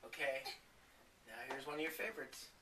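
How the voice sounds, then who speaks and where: A man's voice: medium pitch, animated, a little fast, distant mic. A man playing with a toddler at home, coaxing him along and making animal sounds for him. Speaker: family member playing with a toddler. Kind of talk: home video play with a toddler. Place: home room. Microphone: camcorder from across the room. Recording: echoey home camcorder audio with loud noise.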